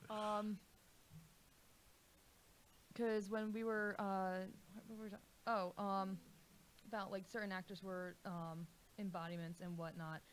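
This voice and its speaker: A woman's voice: medium pitch, level tone, measured pace, long pauses. A woman co-hosting a casual radio chat, digressive and fond of telling stories. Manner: storytelling, digressive, corrects others.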